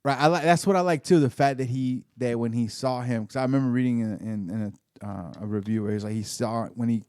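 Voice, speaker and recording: A man's voice: medium pitch, fast, darkish tone, dry recording, clean studio sound. A man co-hosting a podcast in casual chat, easygoing, often restarting his sentences. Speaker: podcast co-host.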